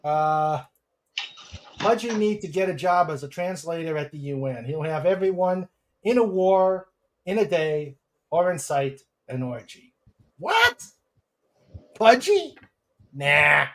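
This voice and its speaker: Slow-talking man hosting a livestream. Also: fairly high pitch, sing-song, a bit bright. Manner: reads chat comments aloud, hesitant with many fillers. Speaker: host. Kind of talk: casual livestream chat.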